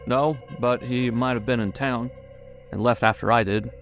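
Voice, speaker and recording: Man doing a tough backwoodsman, curt, angry, gravelly, horror audiobook. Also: medium pitch, steady tone, moderate pace, music in the background, pitched above the performer's own voice, close to an everyday voice.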